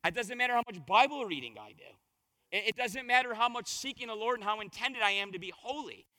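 A man preaching a conversational sermon as pastor, his voice a little hoarse, telling stories and asking the congregation questions. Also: very high voice, animated, fast, sharp tone, big-room sound. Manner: conversational, storytelling with rhetorical questions. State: slightly hoarse voice.

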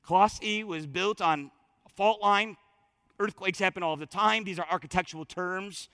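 A male pastor preaching a sermon in church, emphatic, swinging from loud declarations to hushed, near-whispered lines. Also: high voice, normal speed, no echo, studio quality.

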